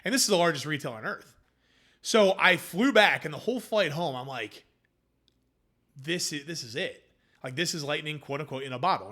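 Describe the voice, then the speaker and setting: A man, a food company founder, telling his story in a casual interview and acting out quoted conversations. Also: on the high side. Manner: animated, acts out quoted dialogue.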